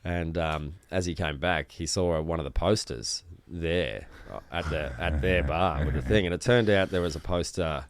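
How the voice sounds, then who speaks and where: A man telling a story in casual chat, rambling and halting with many restarts. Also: sits low, a little hiss or hum.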